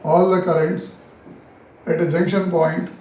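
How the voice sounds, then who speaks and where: A man with an Indian English accent teaching a physics lesson, repeating key phrases slowly and answering his own questions. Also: sits high, flat delivery, darkish tone, echoey room, slight background noise, poor audio. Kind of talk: recorded classroom lesson.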